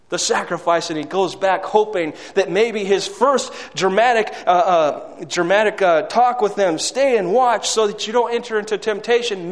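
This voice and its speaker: A man with a high voice preaches a sermon, swinging between hushed, low quoted words and raised, urgent passages. He throws rhetorical questions out to his listeners. His voice rings with a long reverb, as in a large hall.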